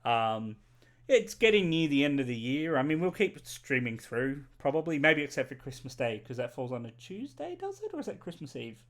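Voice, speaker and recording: A man co-hosting a casual livestream, joking and rambling. He corrects himself mid-sentence and talks with a lively, bouncing pitch. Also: moderate pace. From Australia. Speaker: stream co-host.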